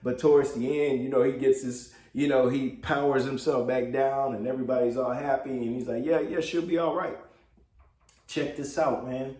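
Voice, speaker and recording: Casual man recapping a show, filler-heavy and conversational, mid-pitched voice in an echoey room. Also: flat delivery, moderate pace, hardly any pauses, darkish tone. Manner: loose and chatty, full of fillers, keeps saying "man". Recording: roomy echo.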